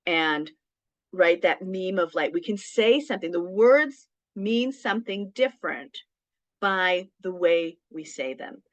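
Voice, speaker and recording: A woman's voice: fairly low pitch, animated, unhurried, no room sound. A woman presenting a casual small business workshop, talking conversationally with frequent ums and "right?" tag questions. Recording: dull, dry lo-fi sound.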